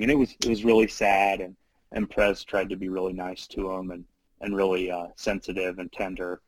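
Man, lowish voice, casual animated storyteller, filler-heavy, dry recording. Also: no echo, rough recording. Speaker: storyteller recounting his mission.

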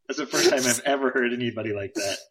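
A man's voice: mid-range voice, fast talker, fairly bright tone. A man interviewing a guest in a casual chat, asking short questions and laughing along.

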